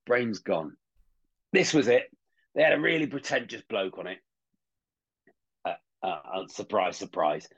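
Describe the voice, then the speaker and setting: Animated man, rambling jokes. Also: fairly low pitch, unhurried, pauses often, slightly rough, highs cut off. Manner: jokey, rambling, mocking impressions. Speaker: podcast co-host. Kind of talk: casual chat.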